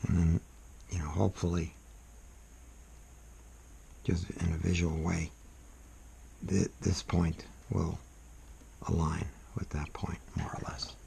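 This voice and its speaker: Gravelly, husky low-voiced man teaching. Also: flat delivery, slow pace, pauses often. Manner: soft-spoken, rambling, trails off into murmurs. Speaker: calligraphy instructor. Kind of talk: casual demonstration while writing.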